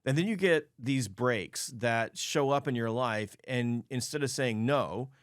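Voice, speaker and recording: A middle-aged man hosts a sales podcast at a mid pitch. He coaches emphatically and repeats key phrases to drive them home. His voice sounds dry and close to the mic. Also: measured pace, no echo. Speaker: podcast host. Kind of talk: casual interview talk.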